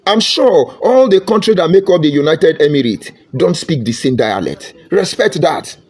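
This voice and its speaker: Emphatic Nigerian man, animated pitch. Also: moderate pace, husky. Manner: preachy, repetitive, emphatic. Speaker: online commentator. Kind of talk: impassioned monologue.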